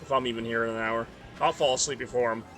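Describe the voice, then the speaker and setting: A man's voice: mid-range voice, fairly even intonation, quick pace, fairly bright tone, soft background music. A man from the Northeast US, tired and rambling in casual chat while streaming a racing game. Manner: rambling, self-deprecating, mumbly asides.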